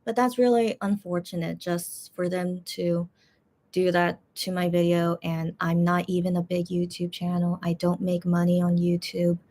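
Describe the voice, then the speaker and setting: A woman's voice: on the low side, flat delivery, normal speed, a little mellow. Woman vlogger, casual rambling chat, lots of fillers, frustrated, complaining tone. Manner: rambling, many fillers and restarts. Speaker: YouTube channel host.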